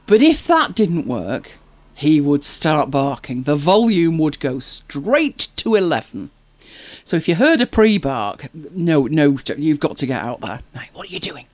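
A woman's voice: low voice, big pitch swings, unhurried, darkish tone, dry recording. A woman hosting a casual chat show, telling anecdotes and reading viewer comments with frequent laughs. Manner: chatty, anecdotal, laughs often. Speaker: podcast host.

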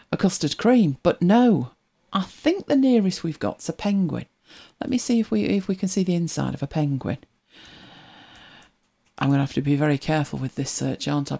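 A woman hosting a casual livestream, chatting and telling wry anecdotes as she reads viewer comments. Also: creaky. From Britain. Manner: chatty, wry storytelling with lively pitch swings. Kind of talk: casual chat.

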